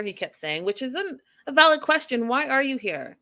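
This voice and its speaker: A woman hosting a podcast, giving an animated, emphatic, chatty recap of a reality show. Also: high voice, normal speed, few pauses. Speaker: podcast host. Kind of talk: casual TV recap commentary.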